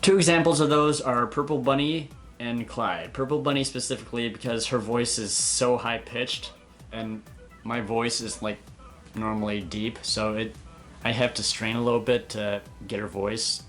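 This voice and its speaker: A man's voice: mid-range voice, fairly even intonation, normal speed, fairly bright tone, soft background music. Chatty young man answering fan questions. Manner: candid, chatty, hesitant fillers. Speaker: puppeteer and video maker. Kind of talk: casual Q and A vlog.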